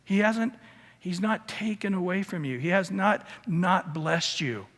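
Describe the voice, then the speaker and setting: A man's voice: high-pitched, measured pace, fairly bright tone. A pastor giving an earnest, conversational sermon, often restarting his sentences, recorded in a church sanctuary. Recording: reverberant hall.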